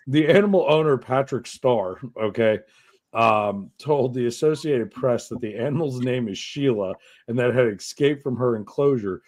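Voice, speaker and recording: A man co-hosting a podcast, reading odd news stories aloud in a profane, animated way. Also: medium pitch, moderate pace. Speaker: podcast co-host.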